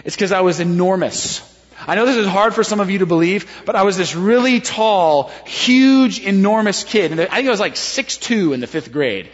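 Middle-aged man preaching, husky voice, slightly high-pitched, animated storytelling, hushed at serious points. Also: normal speed. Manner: animated, self-deprecating, dropping to hushed tones for serious moments. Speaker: pastor. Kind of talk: sermon storytelling. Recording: dull lo-fi sound with long hall reverb.

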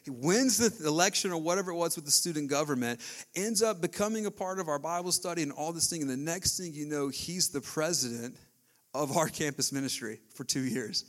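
A man in his thirties preaching a sermon as a pastor, telling a story in an animated, casual way with slang. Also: on the high side, fast talker.

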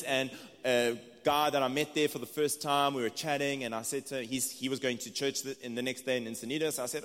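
South African preacher in a reverberant hall. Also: male voice, fairly high pitch, a bit bright. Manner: conversational, earnest, with restarts and asides. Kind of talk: sermon. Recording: long reverb of a large hall.

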